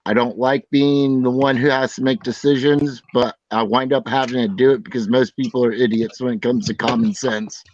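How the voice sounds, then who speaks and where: A man's voice: medium pitch, steady tone, normal speed, few pauses, no echo. Blunt, self-deprecating man, panel chatter, dull lo-fi audio. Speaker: panel guest. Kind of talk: casual panel chat.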